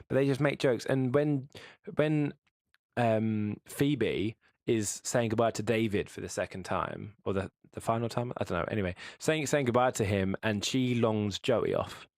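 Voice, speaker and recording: A man with a fairly low voice talking casually on a podcast, often stopping and restarting his sentences. The recording is dry and close. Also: no echo. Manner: halting, many restarts. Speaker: podcast co-host. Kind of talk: casual chat.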